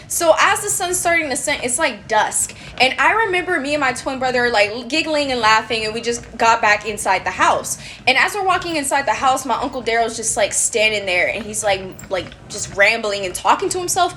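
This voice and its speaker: A woman telling a true story from her childhood in a casual, animated, chatty way with lots of fillers. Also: high-pitched, slight background noise. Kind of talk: casual storytime while crocheting.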